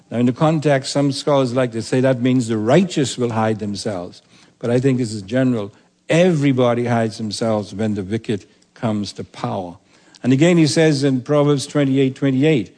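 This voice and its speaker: A man pastor preaching a sermon in an earnest, emphatic way, slowing down to read scripture aloud. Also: mid-range voice, dark tone.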